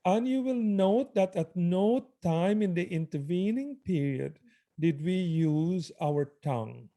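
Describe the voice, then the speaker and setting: A man teaching mantra chanting, speaking slowly and reverently in devotional prayer and instruction. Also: high-pitched, animated, dark tone. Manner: slow and reverent.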